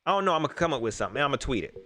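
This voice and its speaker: A man hosting a casual sports talk stream, animated and joking, repeating his lines for effect. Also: medium pitch, rapid-fire.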